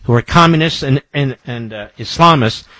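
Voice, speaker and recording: A man's voice: medium pitch, normal speed, bright, forceful tone, no room sound. A man hosting a talk radio show, delivering an emphatic monologue into a studio microphone and repeating key phrases for effect.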